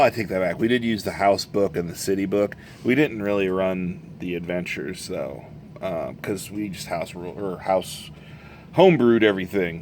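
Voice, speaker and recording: A man's voice: deep voice, a little mellow, a little hiss or hum. A man who runs tabletop games, chatting casually and rambling about an old box set, correcting himself as he goes. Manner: rambling, self-correcting, chuckling storyteller. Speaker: game master reviewing a box set. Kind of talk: casual show-and-tell chat.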